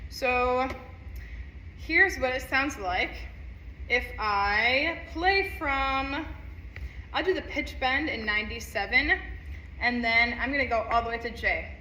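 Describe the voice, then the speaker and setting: Bright-voiced woman teaching music. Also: fairly high pitch, lively intonation, a little slow, slight background noise. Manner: counts rhythms aloud and sings them; upbeat, encouraging. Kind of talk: instrument lesson walkthrough. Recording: echoey room, faint ambience.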